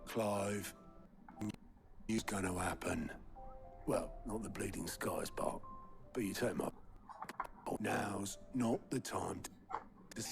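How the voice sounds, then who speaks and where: An actor playing a gruff, blunt middle-aged man, trading dry, slangy banter in video game dialogue. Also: on the low side, slow, pauses often, full character voice. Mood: wry. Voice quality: gravelly. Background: game music.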